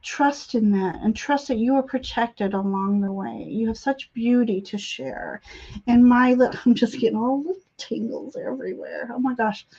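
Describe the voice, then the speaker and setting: A woman's voice: on the high side, moderate pace, husky. Woman reading tarot over dull stream audio. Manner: gentle, affirming, with many fillers. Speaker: tarot reader and live stream host. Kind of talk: intuitive card reading on a live stream.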